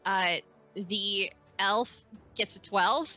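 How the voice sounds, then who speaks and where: A woman's voice: mid-range voice, extremely slow, pushed and bright, soft background music. A woman running a tabletop game as game master, hesitant with lots of fillers. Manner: hesitant, many fillers, giggly.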